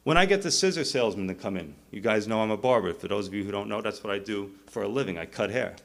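A man's voice: lowish voice, quick pace, vocal fry. A middle-aged male pastor preaching a sermon, telling stories and acting out the characters' voices. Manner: animated storytelling, acting out voices.

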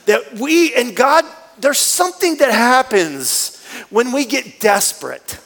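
High-voiced pastor preaching in a reverberant hall. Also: male voice, slow. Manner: animated, acts out scenes with changing voices. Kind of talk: sermon. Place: church sanctuary.

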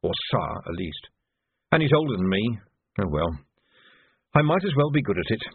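A man's voice: on the low side, big pitch swings, normal speed, creaky, breathy edge, no room sound, heavily acted. A man playing a weary, shrewd watch commander. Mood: dry. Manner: dry, clipped and commanding. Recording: tinny phone-like band.

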